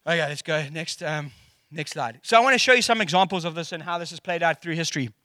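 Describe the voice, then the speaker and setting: A man's voice: fairly high pitch, fast talker, sharp tone, no echo, studio quality. A middle-aged man with a South African accent preaching a casual, jokey sermon and acting out quotes. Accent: South African English.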